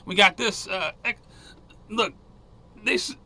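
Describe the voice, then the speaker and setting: A man hosting a solo news commentary show, reading headlines and ranting angrily, swearing and sometimes yelling. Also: high voice, slow.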